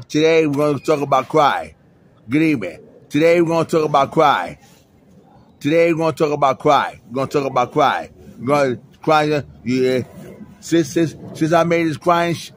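A man talking in a halting, rambling way, restarting and repeating phrases again and again. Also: on the high side, a little hiss or hum. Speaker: public access show guest. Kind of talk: rambling personal talk. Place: library center.

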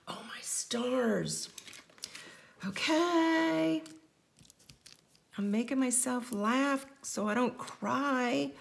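A woman's voice: mid-range voice, vocal fry. A middle-aged woman teaching a casual card-making tutorial, chatty and playful as she jokes with her viewers.

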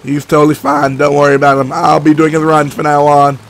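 A sick man with a cracking voice giving rambling, excitable gameplay commentary, swearing often. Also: a little high, brisk. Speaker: let's play gamer.

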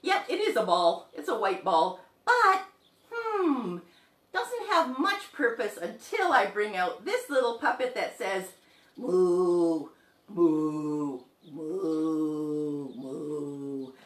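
A young woman hosting a sing-along show for toddlers, talking slowly and playfully to small children. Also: a little high, sing-song, a bit bright, roomy sound. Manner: slow, exaggerated, playful talk to small children. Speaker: children's music teacher and show host.

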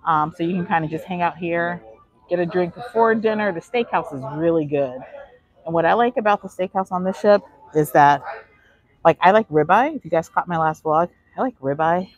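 In dull audio, a woman speaks on the low side at a moderate pace. She vlogs a chatty live walk around a cruise ship's indoor decks, answering chat questions while a little out of breath.

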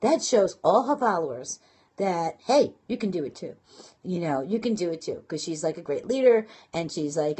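Husky Brooklyn woman, chatty and fast. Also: lowish voice, expressive, dark tone. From Brooklyn, New York. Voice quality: fast, chatty, many fillers and restarts. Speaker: blogging and marketing coach. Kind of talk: casual live-stream talk. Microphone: phone or webcam live stream.

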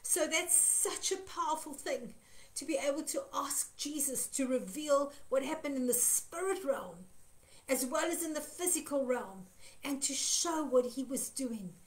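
A woman's voice: high voice, expressive, unhurried. A woman minister giving an earnest devotional teaching, stressing her points by repeating phrases. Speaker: Christian minister.

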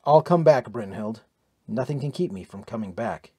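Solemn American pilot hero voiced by a man, low and heavy, for an adventure audiobook. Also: animated, moderate pace, warm tone, breathy edge, dry recording, clean studio sound.

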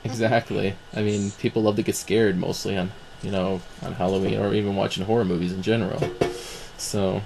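A young man with a fairly low voice hosts a laid-back podcast. He talks easily, filling pauses with little fillers. Faint background noise runs under him. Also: vocal fry. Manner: relaxed, filler-heavy. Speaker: host. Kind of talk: podcast intro and casual chat.

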